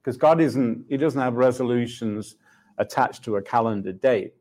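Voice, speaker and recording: A man's voice: medium pitch, moderate pace, darkish tone. A middle-aged man sharing a personal testimony in conversation, reflective and laughing often as he acts out his dialogues with God. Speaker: Christian speaker.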